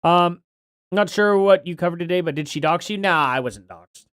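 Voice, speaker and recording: Chatty and apologetic, a man runs a casual livestream, reading out donations with speech a little slurred from a bitten tongue. His voice is high-pitched, a bit bright, and clean-toned at a moderate pace, in a clean studio recording without echo.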